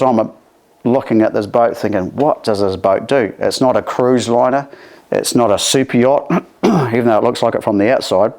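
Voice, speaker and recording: A man with a New Zealand accent tells a story from his past in a lively, conversational way. He slips into the voices of the people in it, lifting his own voice to play them. His pitch sits in an ordinary middle range. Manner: animated, acts out dialogue with raised voices. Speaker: guest telling his life story.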